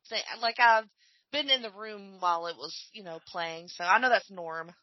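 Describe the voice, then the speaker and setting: A woman's voice: mid-range voice, moderate pace, no echo, dull audio. A woman hosting a podcast in casual chat, joking and laughing easily. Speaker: podcast host.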